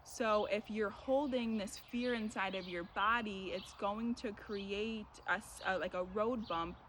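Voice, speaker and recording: A young woman, a mother, earnestly talking through her own birth story in a casual, reflective way, often pausing on "you know.". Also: medium pitch. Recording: steady background noise.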